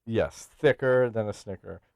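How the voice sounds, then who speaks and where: A man's voice: fairly low pitch, a little slow, gravelly, a little mellow, no room sound, studio quality. A man co-hosting a podcast in casual chat, brash and profane, joking and laughing often. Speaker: podcast co-host.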